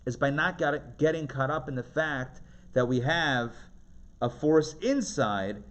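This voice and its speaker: A man, a rabbi, teaching a live class, chatty and animated, often asking the audience questions and laughing. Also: medium pitch, a little slow.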